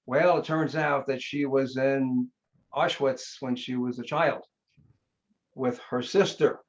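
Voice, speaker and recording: Speaking slowly and steadily in a mid-range voice, a man appearing as a hypnotherapist on a podcast recounts a story. He's blunt and emphatic, delivering punchy short phrases, and the audio has a slightly dull lo-fi quality.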